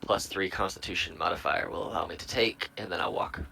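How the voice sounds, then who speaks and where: A man with a very low voice that still cuts through brightly. He talks through his turn in a tabletop game, hesitating and filling gaps with ums. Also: fairly even intonation, a little fast, vocal fry, slight background noise, poor audio. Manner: thinks aloud, hesitant with many ums. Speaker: player. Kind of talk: casual tabletop game chat.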